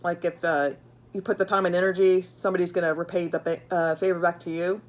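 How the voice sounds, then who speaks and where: A woman's voice: lowish voice, level tone, fast. A woman giving a casual tarot reading, blunt and profane, talking to viewers with lots of fillers and repeats. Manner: blunt, swears freely, many fillers; chatty, repeats herself while pulling cards. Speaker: tarot reader.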